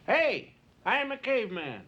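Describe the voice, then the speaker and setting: Man doing a high, wide-eyed caveman. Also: sing-song, moderate pace, pushed and bright, lo-fi sound, exaggerated voice. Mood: bewildered. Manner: high, wondering, exclamatory. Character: clueless, excitable caveman, man. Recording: hissy home tape recording.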